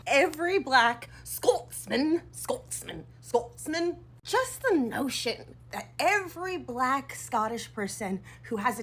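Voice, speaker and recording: A woman in a social media clip, talking in an amused, animated, playful way. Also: high-pitched.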